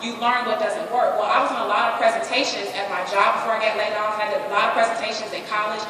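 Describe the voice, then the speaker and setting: A woman's voice: medium pitch, little pitch movement, fast talker, a crowd in the background. A woman giving a candid, joking motivational talk to a live audience at a business event. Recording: echoey hall, distant mic, background noise.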